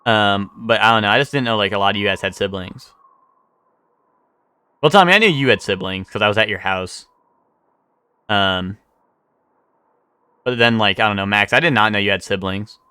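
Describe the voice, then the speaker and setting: A man's voice: on the low side, moderate pace, pauses often, bright, forceful tone, clean tone, no echo. A man streaming live, chatting casually with chat, rambling with many fillers and restarts and swearing freely.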